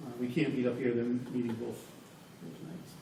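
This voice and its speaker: A man's voice: medium pitch, fairly even intonation, moderate pace, vocal fry, background noise. A man at a town committee meeting, helpfully explaining schedules and where to find the video. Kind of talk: casual committee meeting talk. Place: public meeting room. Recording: echoey room, mic from a distance.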